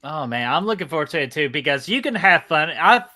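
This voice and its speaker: A man's voice: fairly high pitch, very animated, a little fast, pushed and bright. A man co-hosting a casual live stream, upbeat and chatty, greeting viewers by name. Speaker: co-host of a movie watch party stream.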